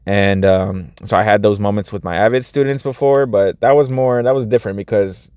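A man in his thirties chats to his vlog viewers in a low, smooth, clear voice. He is earnest and rambles, doubling back over his words. The sound is dry and close. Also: fairly quick, darkish tone, no room sound. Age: 30s. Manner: rambling, earnest, frequent restarts and fillers. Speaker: vlogger and after-school teacher. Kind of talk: casual vlog talk to viewers.

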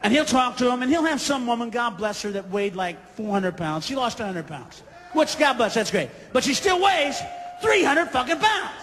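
A man doing a stand-up comedy routine, ranting and swearing, breaking into shouted impressions. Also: animated, moderate pace. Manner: profane, ranting, shouts into high-pitched impressions. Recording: live hall with audience, faint crowd noise.

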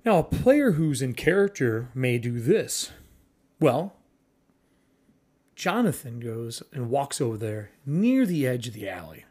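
A man's voice: mid-range voice, big pitch swings, a little slow, a little mellow, slightly rough. A man hosting a solo podcast about tabletop role-playing, talking casually and bluntly, swearing freely and full of enthusiasm. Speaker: podcast host.

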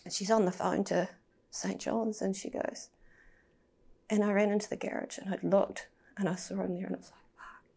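A woman's voice: mid-range voice, little pitch movement, moderate pace, creaky, mellow, husky. A woman telling a personal story as a podcast guest, candid and emotional, swearing and sometimes dropping to a near-whisper.

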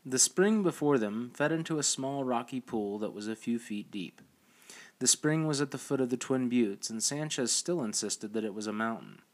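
A man reading a novel aloud as audiobook narration, with a steady, even delivery. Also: mid-range voice, moderate pace.

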